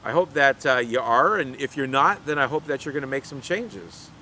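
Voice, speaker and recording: Earnest bright-voiced man, youth devotional. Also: medium pitch, normal speed, slight background noise. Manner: earnest, conversational, with frequent restarts. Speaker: youth pastor. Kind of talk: casual youth devotional talk.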